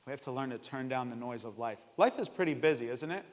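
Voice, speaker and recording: A man preaching a sermon, reading scripture dramatically and swinging between loud declarations and hushed lines. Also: medium pitch, lively intonation, quick pace, in a large hall. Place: church sanctuary.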